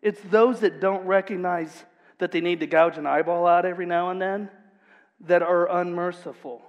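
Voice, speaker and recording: A male pastor delivering a sermon in a lively storytelling manner. He moves from casual asides to emphatic points. His fairly high voice rings out with a long reverb in a church hall. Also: moderate pace, muffled recording.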